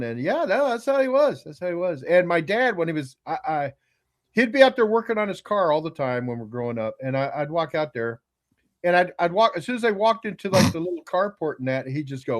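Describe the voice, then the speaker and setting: A middle-aged man telling a story on a casual podcast, rambling and halting with many fillers and restarts. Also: on the high side, big pitch swings. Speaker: regular co-host, "the old man".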